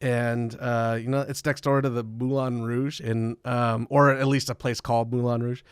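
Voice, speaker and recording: A man's voice: mid-range voice, flat delivery, normal speed, smooth, no room sound, clean studio sound. A man guest on a podcast, telling rambling, profane tour stories in casual chat and laughing often. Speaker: podcast guest, metal musician.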